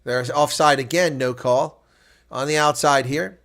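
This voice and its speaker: Hosting live reaction commentary on a rugby match, a man speaks unhurriedly in a fairly high pitch. His calling of the play turns from calm analysis into excited shouts on big moments.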